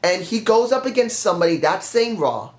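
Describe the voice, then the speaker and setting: A man talks through a fantasy wrestling storyline in a loose, rambling way and often corrects himself mid-sentence. His voice sits a little high. The recording has a roomy echo. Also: very animated, fairly quick. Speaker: fan pitching a wrestling storyline. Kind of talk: casual rambling commentary.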